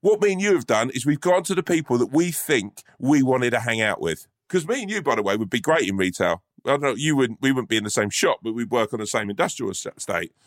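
A man's voice: mid-range voice, lively intonation, quick pace, hardly any pauses, no room sound, clean studio sound. A man, telling rambling, sweary stories in a casual podcast chat. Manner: sweary, ranting storytelling.

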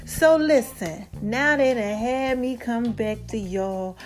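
Woman host, high-pitched, casual monologue, animated, laughs a lot, faint background music. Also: slow. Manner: chatty and animated, laughs often, calls listeners y'all and baby. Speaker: podcast host.

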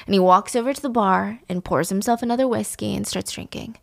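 Woman host recapping a story, animated and chatty, dry close sound. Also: medium pitch, normal speed, vocal fry, hardly any pauses, dry recording. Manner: animated, chatty, swears freely.

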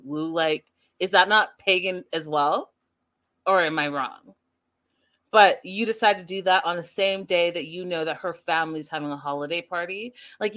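Chatty woman hosting a live recap. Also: medium pitch. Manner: chatty and expressive, laughing, reading viewer comments aloud. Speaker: host recapping a reality show. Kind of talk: casual recap commentary to a live chat.

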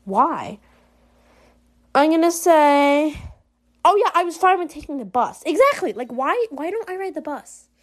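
A woman's voice: high voice, very animated, measured pace, pauses often. A woman playing a story game and chatting through it in a giggly, casual way, reacting aloud to every choice. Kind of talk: casual let's-play commentary.

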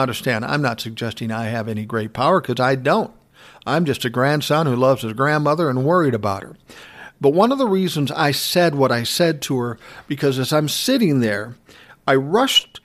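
A man's voice: medium pitch, creaky. Emotional man telling a personal story. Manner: emotional, earnest, reflective.

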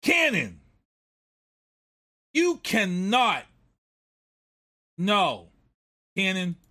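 A man's voice: sits high, lively intonation, measured pace, pushed and bright. Ranting man hosting a sports talk show. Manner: heated, ranting, repeats himself. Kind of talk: casual sports commentary.

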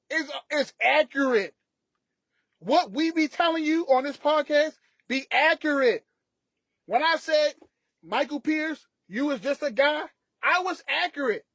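A man's voice: very high voice, fairly bright tone, dry recording. A man co-hosting a sports podcast, ranting emphatically in casual talk. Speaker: podcast co-host.

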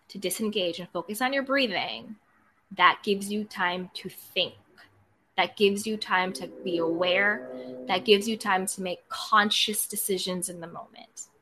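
Woman, self-help speaker, earnest and direct, bright forward tone. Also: medium pitch. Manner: earnest, direct, repetitive coaching phrases. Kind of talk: motivational self-help talk.

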